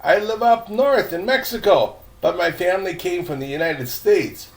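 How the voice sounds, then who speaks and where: A man's voice: high voice, moderate pace, gravelly, pitched above the performer's own voice. An older man voicing a frightened young boy lost in the jungle, hesitant and startled, in a storybook reading. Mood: nervous.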